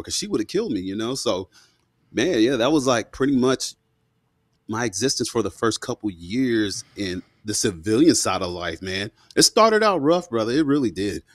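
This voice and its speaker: A man's voice: medium pitch, moderate pace, dry recording. A man in his thirties, a podcast guest, telling stories in a casual, slangy way and acting out the quotes. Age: 30s. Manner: animated, slangy, acts out quotes. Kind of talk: casual storytelling in an interview. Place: studio.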